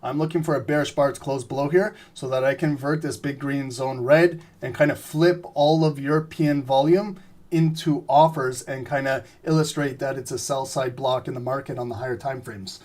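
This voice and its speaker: A man giving live trading commentary, explaining steadily and often clearing his throat as he says he is losing his voice. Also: mid-range voice, normal speed. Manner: steady explanatory, repeats "remember" and "right?". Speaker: trading streamer.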